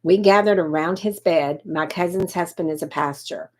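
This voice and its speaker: On a livestream, a fifties-aged woman delivers a relaxed pitch to her online audience at normal speed. Her voice is slightly low, her style conversational and straightforward, and she keeps pausing to reply to individual viewers by name.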